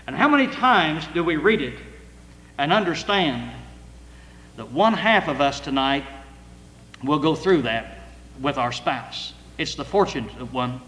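Older man preaching in an echoey hall. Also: on the high side. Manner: earnest, emotional, rising to loud cries on scripture. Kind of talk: sermon. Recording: echoey hall with long reverb.

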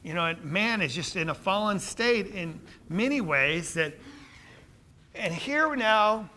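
A man with a high, expressive voice preaches slowly, posing questions to listeners and answering them himself. His sermon builds toward emphatic, louder points.

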